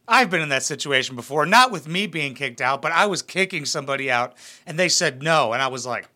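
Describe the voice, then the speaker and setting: Animated, mocking young man, high bright voice. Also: fast. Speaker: reaction commentator. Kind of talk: crude comedic reaction commentary.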